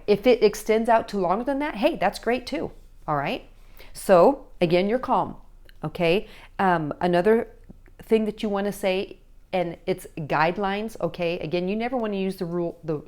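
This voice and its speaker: With a fairly low, slightly mellow voice, a woman offers parenting advice straight to camera. She coaches as she goes, acts out quoted voices and checks in again and again with "okay?"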